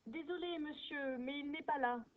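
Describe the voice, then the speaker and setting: A woman playing a polite phone answerer, high and tinny. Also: lightly acted. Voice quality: runs words together quickly. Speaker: narrator and phone answerer in a textbook video. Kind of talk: scripted educational French dialogue.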